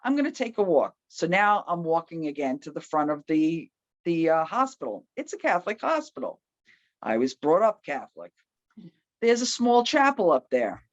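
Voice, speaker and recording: A woman telling a personal story in a casual, loud and animated way, acting out the people she quotes. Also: fairly low pitch, normal speed, no room sound. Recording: slightly muffled, dry.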